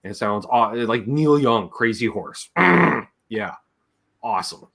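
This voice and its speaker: A man's voice: mid-range voice, animated, slow, gravelly, sharp tone. A man, a guest on a livestream, telling rambling, jokey stories and imitating his relatives' voices as he goes. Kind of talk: casual storytelling on a livestream.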